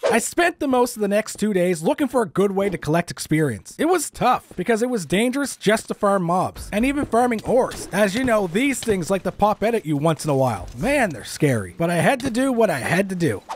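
Excitable high-voiced male gamer. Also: brisk, few pauses, slight background noise. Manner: excitable, lots of startled exclamations. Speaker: gaming YouTuber. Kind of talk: let's-play commentary with narration.

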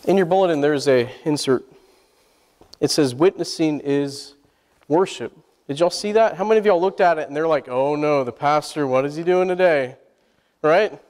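Inside a church sanctuary with long, reverberant acoustics, a pastor whose voice sits high yet carries a darkish tone leads call-and-response preaching, putting questions to the congregation and inviting replies.

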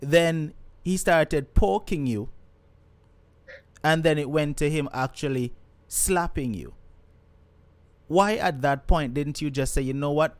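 A man's voice: a little high, dry recording. Man interviewing, direct and dry. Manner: direct, probing questions. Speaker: host. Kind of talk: interviewing a guest.

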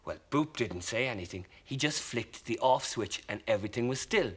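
An Irish man presenting a children's TV show, telling a story in an animated, expressive way. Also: medium pitch, moderate pace, husky.

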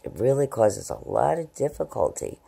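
A woman vlogging casually at home, rambling about her day and her eyesight, and slipping into high baby talk with her cats. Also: big pitch swings, moderate pace, gravelly, warm tone, slightly rough. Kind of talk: casual late-night vlog. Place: at home, indoors.

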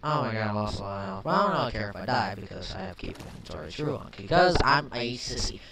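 A young man giving let's play commentary, chatting calmly and then flaring into shouted rage at the game, often swapping swears for milder words. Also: fairly low pitch, fast, vocal fry. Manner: swaps swears for mild substitutes. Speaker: gaming commentator. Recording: distant mic with faint hiss.

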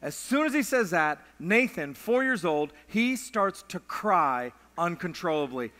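A middle-aged man preaches in a fairly high voice, telling a story and often pausing on "uh". His voice rings through a church sanctuary with a long hall reverb. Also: big pitch swings, bright, forceful tone. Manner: storytelling with frequent "uh" fillers. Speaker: pastor. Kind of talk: sermon with a personal story.

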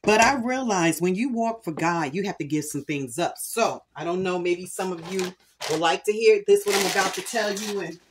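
A middle-aged woman hosting a home cooking video, talking candidly and earnestly about her faith while she cooks. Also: low voice. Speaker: cooking channel host. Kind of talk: casual cooking vlog with personal testimony.

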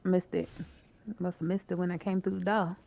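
A woman's voice: lowish voice, little pitch movement, fairly quick, gravelly, dull audio. A woman streaming a co-op video game, chatting playfully and swearing while she plays. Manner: playful, swears and laughs often. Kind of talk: casual gaming chat.

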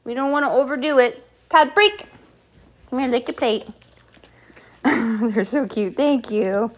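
Woman hosting a pet live stream, fairly high voice, playful, quick dog commands, a little breathless. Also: lively intonation. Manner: playful, gives quick commands and thanks viewers between laughs. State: slightly out of breath. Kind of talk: live stream chat while training dogs.

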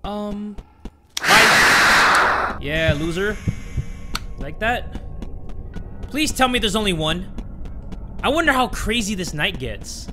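A man's voice: high-pitched, sing-song, slow pace, pauses often, over loud music. A young man playing a horror game, talking to viewers in a jittery, self-mocking, chatty way. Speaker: gaming youtuber.

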